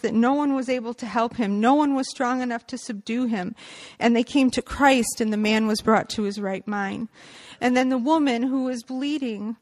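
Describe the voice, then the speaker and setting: A woman giving a personal faith testimony, earnest and reflective, partly reading aloud and quoting scripture. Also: fairly high pitch.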